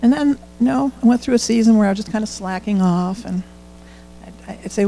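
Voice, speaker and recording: A middle-aged man speaks to a congregation in a loose, confiding way, stepping into his own remembered prayers as he goes. His voice sits high for a man and catches often into a gravelly creak. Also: brisk, warm tone, a little hiss or hum, rough recording. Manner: conversational, candid, quotes own prayers aloud. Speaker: church speaker sharing testimony. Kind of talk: informal sermon testimony.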